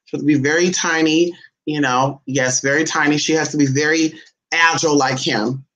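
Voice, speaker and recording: A sassy, loose-tongued vlogger talks at a mid pitch, neither high nor low, from a camera set down somewhere in a home. The speaker keeps tossing in "honey" and swearing, teasing a dog in sudden squeaky high bursts. The delivery is unpolished and off the cuff. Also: steady tone, moderate pace, a bit bright, dull audio. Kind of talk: casual, profane home vlog. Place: indoors at home. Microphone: phone or camera set down nearby.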